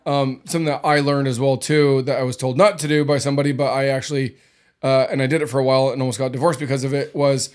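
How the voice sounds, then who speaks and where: A man's voice: mid-range voice, flat delivery, fast talker, clean tone. A man hosting a casual podcast, rambling and restarting his sentences, often repeating words. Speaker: podcast host.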